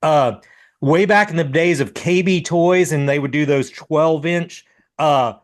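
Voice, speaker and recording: A man co-hosting a casual podcast, telling a story in a relaxed way with many fillers. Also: fairly high pitch, measured pace. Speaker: podcast co-host. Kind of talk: casual chat.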